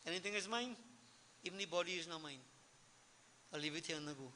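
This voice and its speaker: Man, devotional sermon, high bright voice, earnest, repeats key phrases, long hall reverb. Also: brisk, slight background noise. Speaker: spiritual speaker. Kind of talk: devotional discourse with chanted scripture. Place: hall at a religious celebration.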